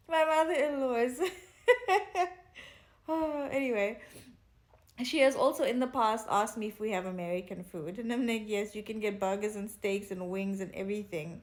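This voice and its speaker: A South African woman in her thirties, casually telling stories to her phone camera and acting out other people's lines. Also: moderate pace. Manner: animated, acts out other people's lines in higher voices. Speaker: vlogger.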